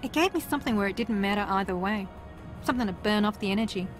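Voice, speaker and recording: Actress doing a deadpan, teasing game contestant from New Zealand, mid-pitched, sarcastic. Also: female voice, fast, soft background music, natural voice. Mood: wry. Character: wry, sarcastic female reality-TV contestant, former aerialist. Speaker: reality show contestant. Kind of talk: video game voice acting.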